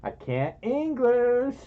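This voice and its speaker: In muffled audio, a man in a fursuit runs a relaxed indoor livestream, reading donations out in a giggly, playful, self-deprecating way. He talks very slowly in an extremely high, sing-song voice.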